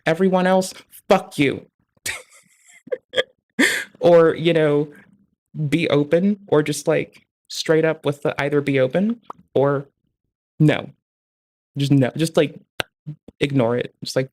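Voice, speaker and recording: A man's voice: fairly high pitch, fairly even intonation, a little slow, long pauses, darkish tone. A young adult man streaming live, chatting casually in a rambling, profanity-heavy way.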